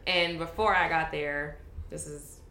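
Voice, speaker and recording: A woman's voice: low voice, a little slow, reverberant. An American woman telling a story in casual conversation, acting out what people said to her. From United States. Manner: animated, acts out quoted people.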